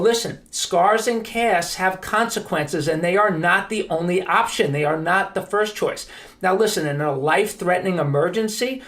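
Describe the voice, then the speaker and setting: A man's voice: sits high, a bit bright. A man hosting a podcast, telling stories in an earnest, emphatic monologue. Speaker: podcast host.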